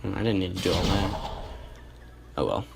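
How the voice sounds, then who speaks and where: A man's voice: low voice, normal speed, gravelly, noisy background. A young man casually commentating a replay of his own match, thinking aloud and correcting himself as he goes. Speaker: gameplay commentator. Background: music.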